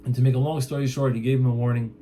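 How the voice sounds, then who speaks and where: A man's voice: mid-range voice, little pitch movement, very fast, mellow, slight background noise. A man casually retelling a traditional story from memory, chatty and loose, with lots of fillers and "he's like" quotes. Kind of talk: casual spoken retelling of a folk tale.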